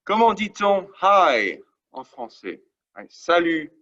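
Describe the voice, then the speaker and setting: A man teaches French vocabulary to a class, patiently explaining each phrase and checking in after each one. His voice is rather high, sing-song, slow, pushed and bright, and the recording has its highs cut off.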